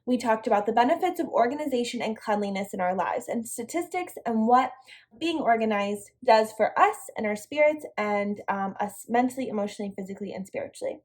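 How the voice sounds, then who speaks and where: A woman's voice: a little high, expressive, a little fast, a little mellow. A young woman leading an online devotional lesson for a girls' youth group, upbeat and encouraging as she speaks straight to the girls.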